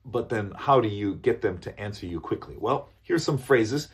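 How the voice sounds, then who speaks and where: A man with a fairly low, husky voice and a moderate pace teaches business English phrases. He animatedly repeats examples and keeps asking listeners "okay?" and "right?".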